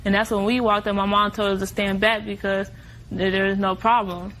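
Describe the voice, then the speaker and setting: A woman's voice: medium pitch, level tone, fairly quick, fairly bright tone, a little hiss or hum, poor audio. A young woman testifying as defendant, retelling events at length in a rambling way. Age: young adult. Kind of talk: courtroom testimony.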